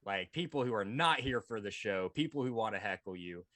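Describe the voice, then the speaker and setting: A man co-hosts a casual podcast, joking and self-deprecating. His pitch swings up and down a lot, and the sound is dry and close. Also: animated, brisk, bright, forceful tone, dry recording. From South Mississippi. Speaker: podcast co-host.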